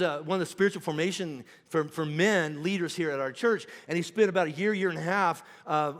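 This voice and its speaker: A man's voice: on the high side, a bit bright, in a large hall. A middle-aged man preaching a sermon as pastor, in a conversational way, acting out quoted voices. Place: church auditorium.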